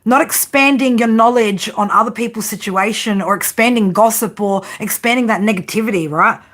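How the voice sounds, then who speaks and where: A woman's voice: fairly high pitch, brisk, a bit bright. Blunt, foul-mouthed woman tarot reader. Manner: blunt, profane, repeatedly asks "right?"; frank tough-love delivery. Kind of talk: tarot reading monologue.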